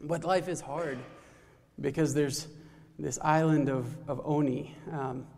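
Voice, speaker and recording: A man's voice: a little high, fairly even intonation, takes it slowly, creaky, darkish tone. A man casually retelling a folktale, loose and chatty with restarts and asides. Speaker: storyteller. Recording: long hall reverb.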